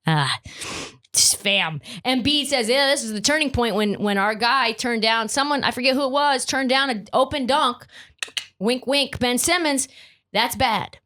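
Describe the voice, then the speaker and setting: A woman's voice: a little high, unhurried, sharp tone. A young woman hosting a sports podcast, ranting in an emphatic, profane and mocking way. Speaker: podcast host. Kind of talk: casual sports podcast rant.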